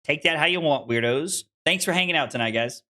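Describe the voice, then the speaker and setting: A man's voice: a little high, fairly quick, bright, forceful tone. A young man hosting a live stream, chatting casually with crude, teasing banter. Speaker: streamer and host.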